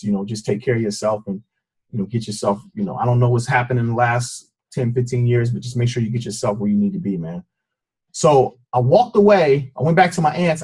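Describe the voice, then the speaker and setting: A middle-aged man giving an earnest, intense personal testimony on a team call, speaking in an everyday register with a husky voice. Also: medium pitch, darkish tone. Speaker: guest speaker. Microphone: conference call.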